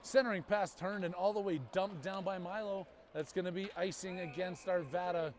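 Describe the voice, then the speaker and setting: Male youth hockey commentator with a high voice, quick calls and playful asides. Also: steady tone, slight background noise. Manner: rapid play-by-play with jokey banter. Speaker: play-by-play commentator.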